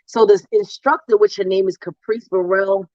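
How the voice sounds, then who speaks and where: A woman from New Jersey telling her story as a guest, animated and acting out voices. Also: medium pitch, normal speed, dry recording, lo-fi sound. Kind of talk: storytelling interview.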